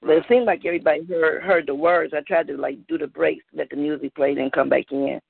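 A woman's voice: sits low, steady tone, brisk, vocal fry, husky, no echo. A woman poet at an open mic chatting on a call in a laid-back, slangy way and laughing easily. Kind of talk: casual chat on a call. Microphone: phone. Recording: tinny phone line.

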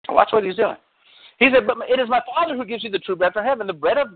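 A man pastor giving a casual, animated sermon, acting out scripture quotes and often asking his listeners if they follow. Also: high voice. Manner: animated, quotes scripture in excited raised voice, asks listeners questions. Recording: tinny phone-like line.

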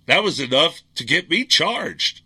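Angry, bright-voiced talk radio man. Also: on the high side, very animated, measured pace, husky. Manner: angry ranting, blunt and combative. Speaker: radio show host. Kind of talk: political talk radio monologue.

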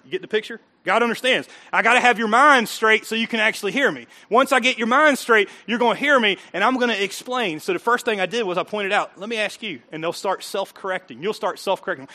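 Bright, high-voiced man preaching emphatically. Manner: folksy, emphatic preaching with rising outbursts and chuckles. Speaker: pastor. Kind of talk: sermon.

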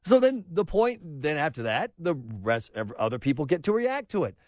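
Animated, sarcastic high-voiced male radio host. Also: normal speed, no echo. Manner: sarcastic, animated, mocks quotes in put-on voices. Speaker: radio talk show host. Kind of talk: opinionated talk radio monologue.

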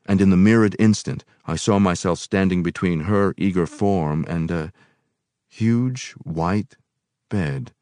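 A man reading a novel aloud in a measured, unhurried way. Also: low-pitched, a little mellow, dry recording. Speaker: reader.

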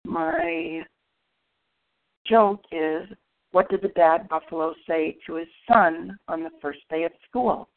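A woman on a group call stating an affirmation and telling a joke, steady and measured. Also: lowish voice. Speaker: call participant. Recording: tinny phone line.

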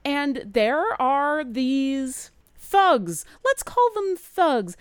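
A woman voicing an eager, flustered female bird-folk bard who talks in rapid, excitable bursts. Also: no echo, clean studio sound, exaggerated voice. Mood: earnest. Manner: rapid, excitable, high-pitched chatter.

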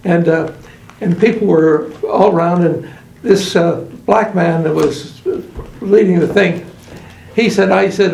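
A man with a high, gravelly voice tells a story in halting bits, stopping often on "uh." He sounds roomy and echoey, with faint background noise around him. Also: darkish tone. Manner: hesitant, many uh pauses and restarts. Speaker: Bible study participant. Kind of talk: halting personal anecdote.

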